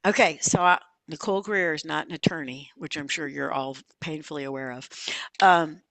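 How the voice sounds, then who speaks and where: Folksy woman coach telling lively stories. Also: sits low, moderate pace, dry recording. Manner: folksy, animated storytelling with asides. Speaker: leadership coach and instructor. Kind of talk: lively webinar teaching.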